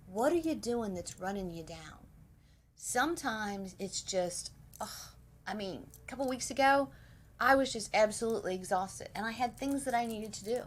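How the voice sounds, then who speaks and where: A middle-aged woman hosting a casual spiritual talk, animated, acting out little quoted dialogues. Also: mid-range voice, slight background noise. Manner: animated, quotes herself and her husband in dialogue. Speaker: spiritual host.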